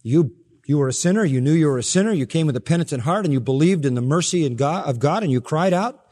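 A man preaching a sermon with a slightly high voice that leaps up for emphasis and falls soft at the ends of phrases. His voice carries a long reverb from a large church hall. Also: animated, fast talker. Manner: emphatic preaching with sharp rises and soft drops. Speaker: pastor.

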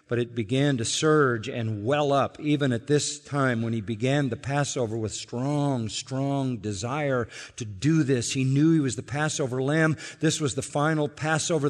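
A man preaching a sermon as pastor, earnest and explanatory, building to emphatic peaks and dropping low again. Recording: long reverb of a large hall.

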